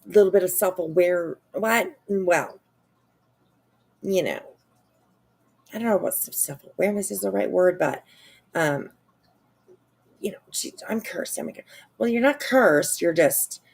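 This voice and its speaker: Slow, gravelly-voiced woman streamer. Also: on the low side, a little mellow. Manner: chatty and sarcastic, drawn-out exclamations, swears casually. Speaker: live streamer. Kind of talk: live-stream drama commentary.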